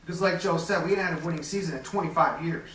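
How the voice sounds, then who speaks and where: This Hall of Fame inductee, a man around forty from Metro Detroit, Michigan, speaks fast in a fairly high, somewhat bright voice. Candid and self-deprecating, he recounts stories in a big echoey hall, captured from afar with a faint hum underneath.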